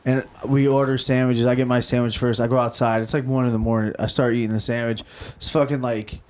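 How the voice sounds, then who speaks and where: A young man with a middle-pitched voice tells a casual, laid-back story on a comedy podcast. He swears here and there as he talks. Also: little pitch movement, fast talker.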